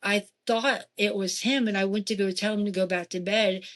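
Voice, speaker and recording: A woman, probably in her forties, casually recounting her experiences in a haunted house, animated and lively when she quotes other people. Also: normal speed. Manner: animated, jumping in pitch for quoted voices. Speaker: guest. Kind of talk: casual storytelling.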